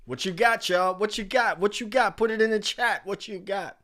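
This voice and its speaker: Animated man hosting a livestream. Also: sits high, normal speed, soft background music. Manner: animated, reading chat names aloud. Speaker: livestream host. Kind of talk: casual livestream countdown.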